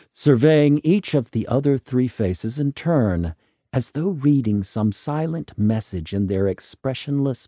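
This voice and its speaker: A man narrating a story in a slow, measured and expressive way. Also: medium pitch, dry recording, clean studio sound.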